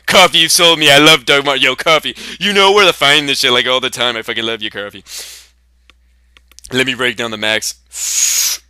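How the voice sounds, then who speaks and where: A man's voice: mid-range voice, fairly even intonation, moderate pace, sharp tone, clean tone, no room sound, studio quality. A young man hosting a comedy sketch, brashly boasting and swearing through profane trash talk.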